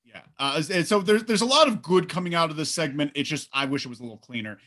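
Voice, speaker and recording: Male co-host, bright and high-pitched, animated casual chat about wrestling. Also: fast talker. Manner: animated, reads live chat comments aloud. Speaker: podcast co-host.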